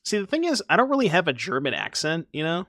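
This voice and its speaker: A man's voice: on the high side, big pitch swings, fast, a bit bright, no echo, studio quality. A young man streaming a card game, chatting casually with his audience and joking about himself. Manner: chatty, self-mocking, talks to chat. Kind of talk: casual gameplay commentary.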